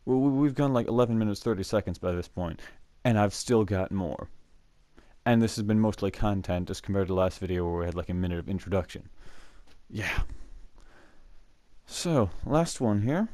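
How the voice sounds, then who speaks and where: A young man with a lowish, dark voice at a moderate pace hosts his own show, telling rambling school stories to the camera. He's full of fillers and chuckles, and the dry recording comes through a mic that cuts out.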